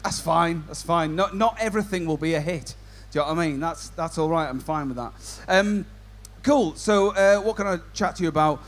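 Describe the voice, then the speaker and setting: A man's voice: fairly high pitch, a little fast, few pauses. Chatty young male comedy compere. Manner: chatty, self-mocking, loud announcing. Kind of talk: stand-up crowd work. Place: outdoor tent at a live gig.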